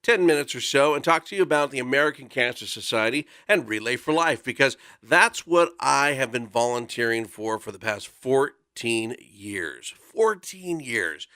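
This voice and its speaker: Man, 40s, radio guest storytelling, earnest, conversational, bright tense tone, dry close sound. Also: medium pitch, moderate pace, hardly any pauses, clear, resonant tone, dry recording. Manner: earnest, conversational, with frequent fillers. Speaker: volunteer guest speaker.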